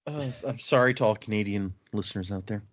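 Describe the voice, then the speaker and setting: A man co-hosting a casual book discussion, animatedly retelling scenes and putting on quick voices for the characters. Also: lowish voice, no echo. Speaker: podcast co-host. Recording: dull lo-fi audio.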